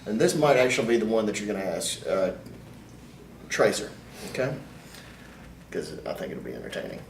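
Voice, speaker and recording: A man guest on a wrestling podcast, telling stories in a casual, animated way that turns loud when he gets worked up. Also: on the low side, a little fast, creaky, slight background noise. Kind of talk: casual storytelling chat. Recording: roomy echo, distant mic, faint ambience.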